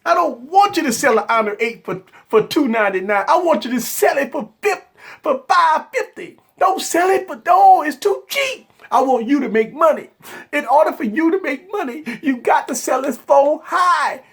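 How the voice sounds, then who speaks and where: A man's voice: very high-pitched, lively intonation, moderate pace, voice pushed up, exaggerated voice. A man mocking a whiny, pleading customer. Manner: shouting, pleading, mock-tearful. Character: whiny pleading male customer begging for higher prices.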